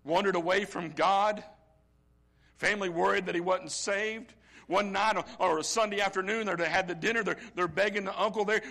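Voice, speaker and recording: Impassioned middle-aged preacher, bright-toned. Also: male voice, high voice, fairly even intonation, creaky. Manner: impassioned preaching that swings from hushed to loud; slow, drawn-out emphasis on key phrases. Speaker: pastor. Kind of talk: sermon.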